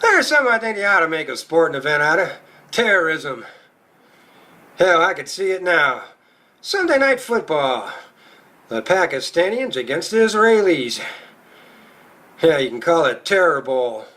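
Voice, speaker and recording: A man doing a stand-up comedy routine, crude and profane, with a rowdy storytelling delivery. His voice sits high and comes across bright and sharp. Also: big pitch swings, normal speed, pauses often.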